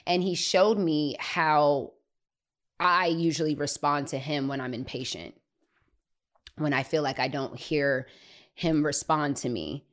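Low-voiced woman telling a story. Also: measured pace. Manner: chatty and animated, lots of filler words. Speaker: podcast host. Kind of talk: casual storytelling.

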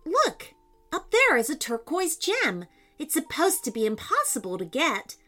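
Woman doing a young boy, eager, higher voice. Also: wildly swooping pitch, a little slow, pushed and bright, soft background music, full character voice. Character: young boy gamer, older brother, earnest.

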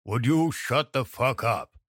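A man's voice: medium pitch, animated, slow pace, a bit bright, breathy edge, no echo, studio quality, heavily acted. A man voicing a brutal, threatening male crime boss who roars and growls. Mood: menacing.

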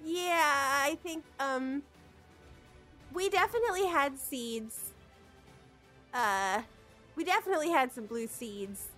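A woman's voice: sits high, animated, slow pace, long pauses, a bit bright, faint music behind. A woman playing a tabletop game, speaking in character hesitantly and apologetically. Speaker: player.

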